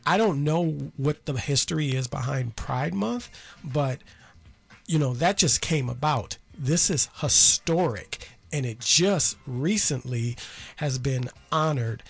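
A male radio host with a gravelly, husky voice, chatting loosely and circling back as he tells a story. He keeps it conversational and asks listeners to call in. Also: medium pitch, slow pace. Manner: chatty storyteller, many restarts.

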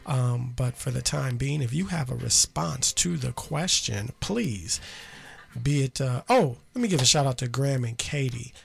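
A man's voice: medium pitch, expressive, normal speed, creaky, slightly rough. A man hosting a call-in radio show, telling a story in a chatty way with many restarts.

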